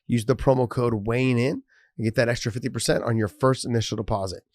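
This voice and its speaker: A man's voice: medium pitch, fairly even intonation, quick pace, a little mellow, no room sound, studio quality. A man co-hosting a sports podcast in loose, casual chat, swearing freely. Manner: loose, swears casually, reads sponsor promo. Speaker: podcast co-host.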